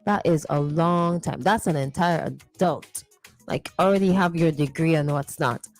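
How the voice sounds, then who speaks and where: A woman's voice: sits low, measured pace, darkish tone, soft background music. A woman hosting a morning radio show, playfully reading listener messages and teasing them. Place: radio studio.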